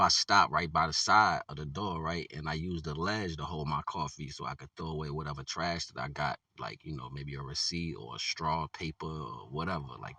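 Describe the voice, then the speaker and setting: Low-voiced man, bright and forceful tone, easygoing storyteller who laughs a lot, mic a bit distant in a dry space. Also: no echo. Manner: laid-back, laughs often, many "you know what I'm saying" fillers. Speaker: vlogger. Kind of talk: casual storytelling monologue.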